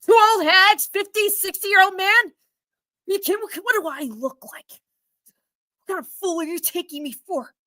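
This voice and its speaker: A furious, stammering middle-aged man, as a woman puts him on, rants at a story-night reading. The voice sits high and bright. It is recorded dry and close. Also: normal speed, pauses often, no echo. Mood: ranting. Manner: ranting, stammering, indignant. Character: angry frustrated middle-aged male customer. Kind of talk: storytelling role-play.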